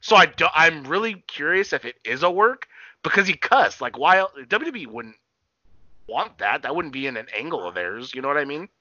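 A man's voice: fairly high pitch, very animated, brisk, sharp tone, no room sound. A man co-hosting a casual wrestling podcast, talking in a profane, rambling way. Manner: profane, rambling, retells scenes. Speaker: podcast co-host. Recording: dull dry lo-fi sound.

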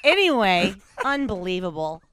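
A woman hosting a podcast, telling stories in casual chat with a lot of swearing, big swings in pitch and frequent laughter. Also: very animated, moderate pace, a bit bright, clean tone. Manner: storytelling, reads news aloud with commentary. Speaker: podcast host.

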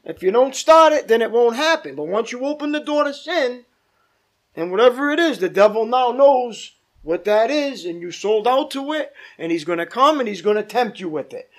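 A man's voice: very high voice, expressive, normal speed. A male pastor leading a Bible study, teaching emphatically, repeating points and asking the group questions.

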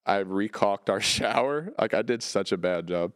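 Smooth low-voiced man, dry and joking. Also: animated, moderate pace, no room sound. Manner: self-deprecating, joking. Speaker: podcast co-host. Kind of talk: casual podcast chat.

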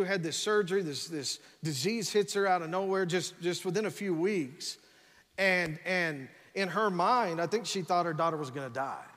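A man's voice: sits high, a bit bright. A man preaching a sermon as pastor, talking energetically, often saying "come on" and restarting his words. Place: church sanctuary. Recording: long reverb of a large church hall.

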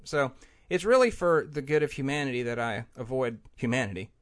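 A man's voice: mid-range voice, lively intonation, fairly quick, crowd noise. A man hosting a podcast in casual chat, grumbling and rambling with many restarts, recorded on a studio mic in a small room. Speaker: podcast host. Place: small room with the air conditioner off. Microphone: headphones and studio mic.

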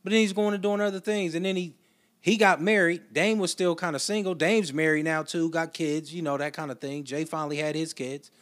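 A man talking through a casual solo podcast with a voice pitched a little above the usual. His delivery is loose and chatty, full of slang and side remarks as he tells a story. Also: fairly even intonation, brisk, fairly bright tone. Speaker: podcast host.

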